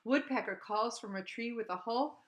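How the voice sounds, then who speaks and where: A woman teaching at an outdoor school, reading a bird picture book aloud and chatting about the birds, breaking into high bird calls and hushed whispers. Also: brisk, a little hiss or hum. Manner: shifts to hushed whisper for quiet parts.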